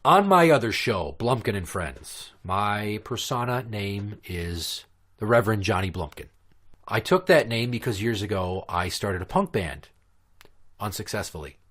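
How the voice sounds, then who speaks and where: A man's voice: lowish voice, lively intonation, measured pace, fairly bright tone. A man from Minnesota hosting a podcast, telling stories in a crude, profane, casual way and laughing at his own jokes. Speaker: podcast host. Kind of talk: casual storytelling chat.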